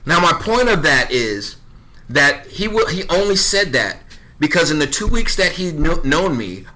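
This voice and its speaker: A man's voice: on the high side, sharp tone, a little hiss or hum. A man in his thirties telling a story in casual podcast chat, bluntly, swearing freely and acting out both sides of conversations. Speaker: podcast guest.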